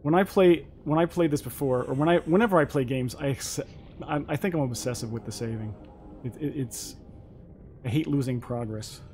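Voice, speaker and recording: A man's voice: medium pitch, moderate pace, darkish tone, a little hiss or hum. Chatty man musing while gaming. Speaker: gamer playing on stream. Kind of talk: casual let's-play chat.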